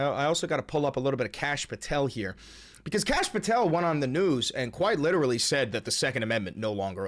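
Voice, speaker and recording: A man hosting a live stream in casual chat, ranting excitably with a lot of swearing. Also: medium pitch.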